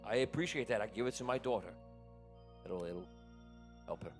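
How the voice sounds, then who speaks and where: A man voicing a weary adult miner and father who talks softly and forgivingly. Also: lowish voice, normal speed, soft background music, close to an everyday voice. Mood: grateful, gentle. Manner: soft, forgiving.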